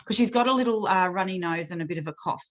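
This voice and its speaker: A woman's voice: fairly low pitch, fast talker, low-quality recording. A woman chatting candidly as a coaching client, talkative and self-deprecating, often laughing. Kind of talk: candid personal chat.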